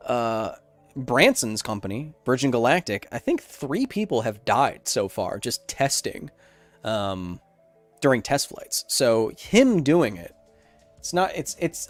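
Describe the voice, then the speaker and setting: Animated man chatting on a livestream. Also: medium pitch, no room sound. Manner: animated, joking, rambling. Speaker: science YouTuber hosting a livestream Q&A. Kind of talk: casual livestream chat.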